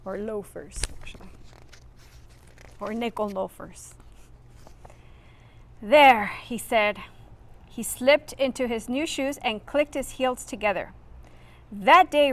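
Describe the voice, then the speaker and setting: A woman's voice: fairly high pitch, slight background noise. A woman reading a children's picture book aloud expressively, adding friendly asides for her listeners. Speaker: reader.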